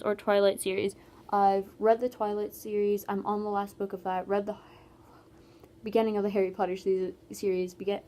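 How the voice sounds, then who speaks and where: A woman's voice: mid-range voice, mellow. A teenage girl from Canada, chatting casually in a Q&A vlog with many "like"s and trailing asides. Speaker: vlogger.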